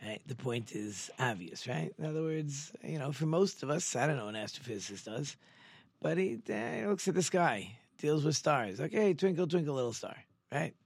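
A man's voice: animated, moderate pace, vocal fry, breathy edge, no echo. A man who is a rabbi, teaching Torah in a chatty, storytelling way and often checking in with listeners with "right?". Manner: drops into quieter, lower asides. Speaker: rabbi hosting a Torah talk show.

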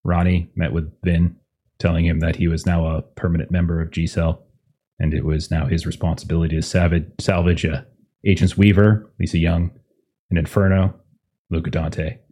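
A man's voice: sits low, flat delivery, moderate pace, dark tone, slightly rough. A man running a tabletop game as game master, casually swearing and mock-stern with his players before reading a recap.

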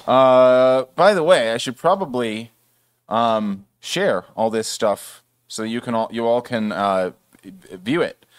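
A man's voice: medium pitch, slow, dry recording. A man casually presenting at a developer meetup, rambling a bit with fillers.

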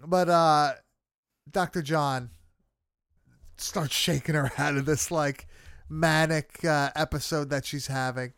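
A man's voice: on the high side, fairly even intonation, takes it slowly, long pauses, a bit bright, smooth, no echo, clean studio sound. A man in casual chat, recapping a film with friends, swearing freely and laughing often. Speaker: podcast co-host recapping a film.

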